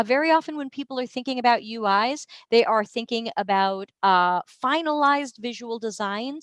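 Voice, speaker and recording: A woman's voice: fairly high pitch, a bit bright, no echo. An American woman hosting live office hours, explaining research methods in a conversational, explanatory way with many fillers and restarts. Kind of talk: live-stream Q&A, casual teaching.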